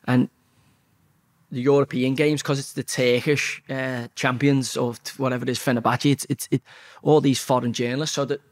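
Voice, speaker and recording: Speaking at normal speed in a mid-range voice with little pitch movement, a Scouse man in his forties rambles through an anecdote as a guest in casual chat. Swearing is constant, and he often starts his sentences over.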